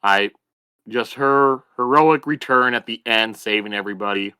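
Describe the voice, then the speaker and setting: Excited guy on a book podcast, bright punchy voice, dry sound. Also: mid-range voice, normal speed, clear, resonant tone, dry recording. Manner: enthusiastic, excitable. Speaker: podcast co-host. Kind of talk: casual book discussion.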